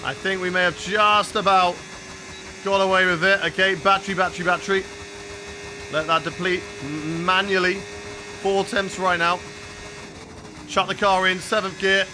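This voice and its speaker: A young man livestreams a racing game, chatting with his viewers as he drives while faint engine sounds play behind him. His voice is high-pitched and level, at a moderate pace with long pauses, and there is background noise. It's chatty live gameplay commentary.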